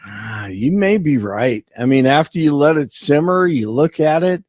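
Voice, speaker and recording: A man reading news and weather on morning radio, agreeable and quick to laugh along with the host. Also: a little high, animated, a little mellow, dry recording, clean studio sound. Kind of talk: casual radio banter. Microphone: studio microphone.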